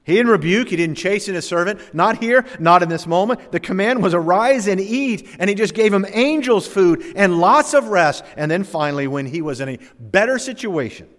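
A man preaching a sermon in a church, swinging between loud emphasis and quiet drops. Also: high voice, lively intonation, fairly quick, few pauses. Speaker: pastor. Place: church sanctuary. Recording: long church hall reverb.

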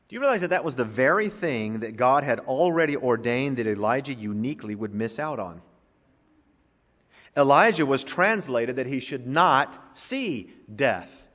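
A man preaching a sermon as pastor, moving from soft asides to loud, emphatic lines. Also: medium pitch, long reverb tail.

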